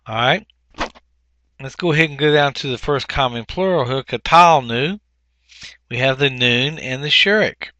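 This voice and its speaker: Man, teacher, bright voice, dry recording, explanatory, slows to sound out words. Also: mid-range voice, no room sound. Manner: explanatory, with frequent ums and restarts. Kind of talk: recorded grammar lesson over slides.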